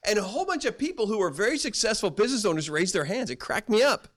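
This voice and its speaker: A man's voice: high-pitched, big pitch swings, fast talker, a bit bright. A middle-aged male pastor preaching a sermon in a folksy storytelling way, acting out quoted voices.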